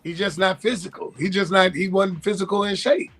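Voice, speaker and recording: A man's voice: high voice, steady tone, fairly bright tone, breathy edge. A man co-hosting a sports talk show, arguing his points and thinking aloud as he goes. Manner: argumentative, pauses to think aloud. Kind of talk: casual sports chat.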